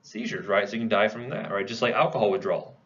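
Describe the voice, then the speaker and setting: A man's voice: lowish voice, steady tone, fast, a bit bright, lo-fi sound. A man giving a classroom lecture in a conversational way, posing questions to the class and answering them himself. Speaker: pharmacology lecturer.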